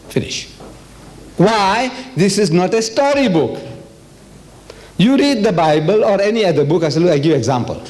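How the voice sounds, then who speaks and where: An older man from South Africa speaks at a public religious lecture. His voice sits fairly high, and he moves with animated, rhetorical energy, often turning to the audience with questions. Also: normal speed, pauses often. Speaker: Islamic lecturer.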